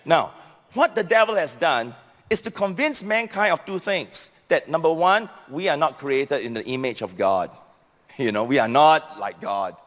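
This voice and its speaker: A man's voice: animated, normal speed, a bit bright, in a large hall. A man with a Singaporean English accent preaching a sermon as a pastor, emphatic and repetitive, stressing key phrases. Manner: emphatic preaching, repeating key phrases, sweeping pitch swings.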